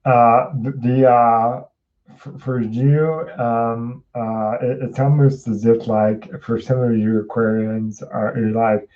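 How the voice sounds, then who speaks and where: A man's voice: medium pitch, steady tone, slow, mellow, dull audio. A man hosting a casual livestream tarot reading, rambling with lots of fillers and restarts as he chats with viewers. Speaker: host.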